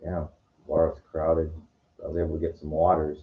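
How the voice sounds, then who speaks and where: Low-voiced man rambling through a story. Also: completely flat delivery, slight background noise. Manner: rambling, halting, profane retelling. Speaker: vlogger. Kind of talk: casual storytelling to camera. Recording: dull lo-fi recording.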